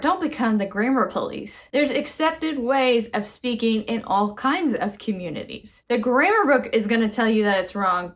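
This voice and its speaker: A woman's voice: on the high side, normal speed, hardly any pauses. Texan woman teaching spoken English. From Texas. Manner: expressive, chatty, playful. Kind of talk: casual spoken English lesson.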